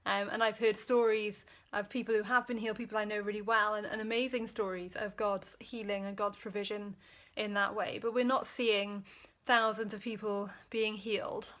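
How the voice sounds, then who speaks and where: A woman's voice: mid-range voice, little pitch movement, normal speed, few pauses, fairly bright tone. A woman from Wales leading a casual live-streamed daily devotional from a small prayer room, chatty and informal, slightly out of breath, recorded on a phone or laptop camera. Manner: chatty and informal, thinking aloud. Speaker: church devotional leader.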